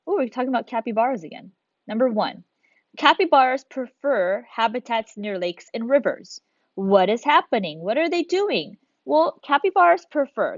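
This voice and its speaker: A woman's voice: a little high, no echo, lo-fi sound. A woman teacher recording a video lesson for children, talking her students through each step with encouragement.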